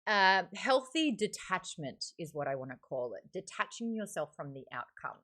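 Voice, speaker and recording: A woman's voice: fairly low pitch, big pitch swings, normal speed, a bit bright. An Australian woman hosting a live-streamed book club, chatting candidly with lots of fillers. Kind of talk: casual live-stream chat.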